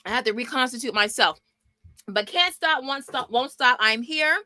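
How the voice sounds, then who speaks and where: A middle-aged woman from Texas hosting a homeschool book club livestream from her small home office, lively and chatty, greeting viewers by name. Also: on the high side, moderate pace, no echo. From Texas, US South. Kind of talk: casual livestream book chat. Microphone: desk mic.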